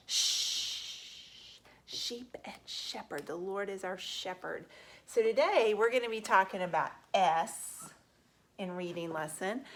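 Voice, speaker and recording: A woman teaching a reading lesson to young children. She talks patiently, draws out letter sounds and asks the children questions. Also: mid-range voice.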